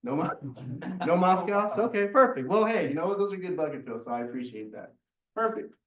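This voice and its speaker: A man's voice: high-pitched, lively intonation, fairly quick, recorded from a distance. A man hosting a real estate office meeting, enthusiastic and chatty, repeating words as he urges people on. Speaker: meeting host. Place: large meeting room. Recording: echoey room, heard from afar.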